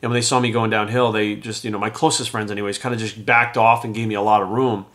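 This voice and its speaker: A middle-aged man telling his own story in a frank, conversational way, swearing casually and getting animated as he recalls events. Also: lowish voice, quick pace. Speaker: podcast host telling his recovery story. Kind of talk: candid personal storytelling.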